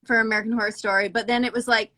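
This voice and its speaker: Excitable woman hosting a phone livestream, high-ish and bright, gushes about clothes. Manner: excitable, quick, gushing. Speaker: stylist hosting a live stream. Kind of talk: casual chat.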